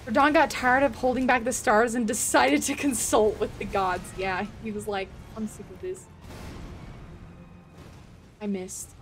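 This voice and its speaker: A woman streaming a video game live, reacting with excitable, panicky commentary, laughing and swearing often. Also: fairly high pitch, normal speed, hardly any pauses, faint music behind.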